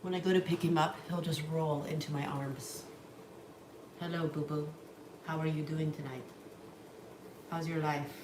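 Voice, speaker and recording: Low-voiced, profane woman vlogger. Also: steady tone, normal speed, pauses often. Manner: blunt and profane, cooing to her dogs. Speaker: livestream vlogger. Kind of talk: casual livestream chat. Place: home, in a room. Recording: echoey room, mic at a distance, noisy.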